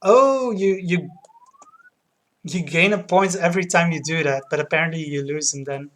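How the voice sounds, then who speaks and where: A woman casually commenting on a retro game as she plays it, talking slowly with frequent fillers and light laughs. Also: low voice, fairly bright tone. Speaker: game streamer. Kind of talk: let's play commentary.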